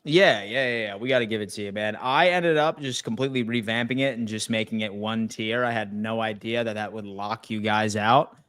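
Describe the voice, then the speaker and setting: A man's voice: lowish voice, brisk, few pauses, fairly bright tone, clean tone, no room sound. Man, podcast host, laid-back, joking, dry mic. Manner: laid-back, joking, reads chat aloud. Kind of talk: casual podcast chat.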